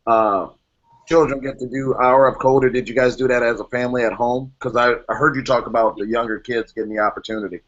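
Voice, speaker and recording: Guy hosting an online panel, jokes around a lot, mid pitch, muffled call audio. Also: fairly even intonation, quick pace, a bit bright. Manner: chatty and joking, laughs often. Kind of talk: casual video-call chat. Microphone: video call. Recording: dull lo-fi video call audio.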